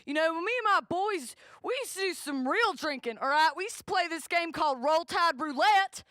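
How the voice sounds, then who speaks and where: A woman voicing an irritated Southern man at a bar who brags about hard drinking, loud and taunting. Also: extremely high pitch, lively intonation, fairly quick, no room sound, studio quality, pitched above the performer's own voice, heavily acted.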